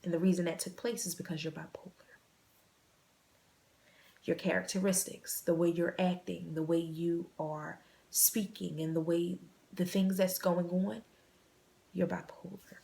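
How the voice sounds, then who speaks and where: A woman in her thirties with a low, gravelly voice tells her own story on a vlog. She speaks earnestly and haltingly, often repeating a phrase before finding the next words. At times her voice sinks to a near-whisper. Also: flat delivery, dark tone. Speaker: vlog host. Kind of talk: personal storytelling.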